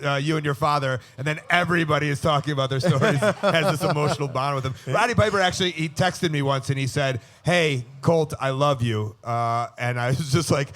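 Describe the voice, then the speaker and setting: A man's voice: a little high, brisk, few pauses, fairly bright tone. A man in his thirties hosting a live podcast interview, easygoing and giggly, stopping and restarting his questions. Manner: easygoing, giggly, hesitant with fillers. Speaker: podcast host. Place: live show on a cruise ship.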